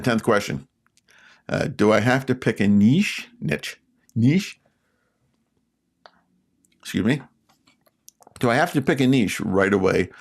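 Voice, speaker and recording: Raspy Canadian man giving casual advice. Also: low voice. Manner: rambling, many filler words and restarts. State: sore throat. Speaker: YouTube channel host.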